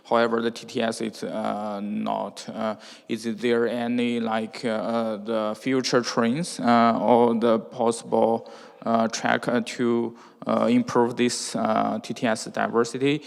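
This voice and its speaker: A man's voice: mid-range voice, little pitch movement, slow, creaky. A man in the audience asking a lecturer a question, hesitant and searching for words. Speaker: audience member. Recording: lecture hall with long reverb.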